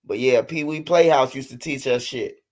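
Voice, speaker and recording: Male streamer, thirties, loose and profane, mid-pitched, casual off-the-cuff chat. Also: moderate pace, darkish tone. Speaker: livestream host.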